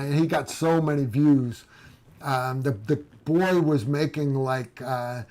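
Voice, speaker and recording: A man's voice: medium pitch, a little mellow. Man, 40s, livestream host, casual chat, rambling, filler-heavy. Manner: rambling, many fillers and restarts.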